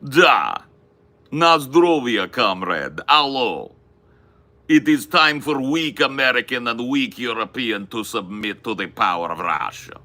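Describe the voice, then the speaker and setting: A man's voice: mid-range voice, pushed and bright, full character voice. A man doing a gloating mock-Russian villain. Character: menacing stereotyped Russian man, boastful.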